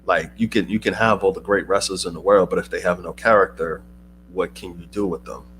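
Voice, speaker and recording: A man's voice: deep voice, fairly even intonation, fairly quick, a bit bright, slight background noise, low-quality recording. A man co-hosting a casual wrestling talk show, laid-back and colloquial, chiming in with reactions and opinions. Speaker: co-host.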